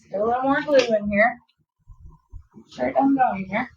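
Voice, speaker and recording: A woman's voice: a little high, moderate pace, lo-fi sound, slight background noise. Chatty Southern woman teaching a craft. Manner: chatty, self-teasing, talks to viewers as "y'all". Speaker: craft instructor. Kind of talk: casual craft tutorial.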